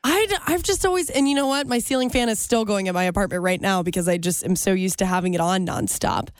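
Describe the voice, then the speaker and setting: A woman's voice: mid-range voice, fast talker, no room sound, clean studio sound. A young woman co-hosting a radio show, chatty and teasing, who laughs often. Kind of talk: casual banter.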